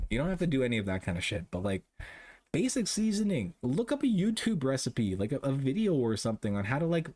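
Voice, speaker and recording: A man holds a loose, casual chat with his viewers. He rants freely and swears constantly, breaking into laughter often. His voice sits at an everyday middle pitch. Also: darkish tone. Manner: profane, ranting, laughs often. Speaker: streamer chatting with viewers.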